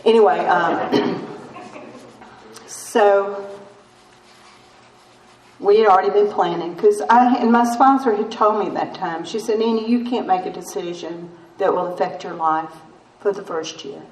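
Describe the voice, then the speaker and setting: A woman's voice: medium pitch, a little slow, long pauses, darkish tone. An older woman speaking at a recovery meeting, telling her story with self-mocking humor and laughs. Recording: roomy distant mic with faint noise.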